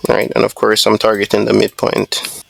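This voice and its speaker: Gravelly-voiced man talking through a trade. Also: fairly low pitch, monotone, a little fast, fairly bright tone. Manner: casual, thinking aloud with many fillers and restarts. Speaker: trading video host. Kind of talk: live screen-share trade commentary.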